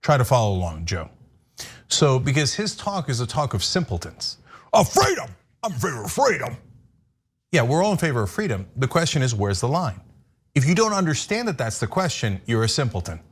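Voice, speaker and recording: A man's voice: mid-range voice, sing-song, brisk, slightly rough. A man hosting a political talk show, arguing in a condescending, emphatic monologue. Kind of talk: opinion monologue.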